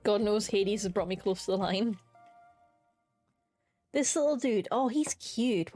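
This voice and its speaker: A woman's voice: mid-range voice, takes it slowly, pauses often, a little mellow, soft background music. A young woman streaming from home, chatting casually and enthusiastically as she ranks creatures, with casual swearing. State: hiccups. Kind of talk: casual live-stream commentary.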